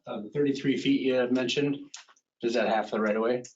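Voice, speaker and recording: Quick-talking man questioning at a town board. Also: medium pitch, fairly even intonation, darkish tone, slight background noise. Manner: quick, questioning, repeats himself while making a point. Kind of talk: meeting discussion. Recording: dull, lo-fi meeting room audio.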